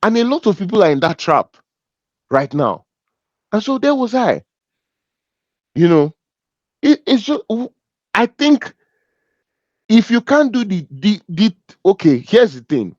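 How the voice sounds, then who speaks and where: Animated Nigerian man, joking business talk. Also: high voice, unhurried, long pauses, dry recording, lo-fi sound. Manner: animated and joking, laughs at his own stories. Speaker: business speaker. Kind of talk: humorous business talk to an audience.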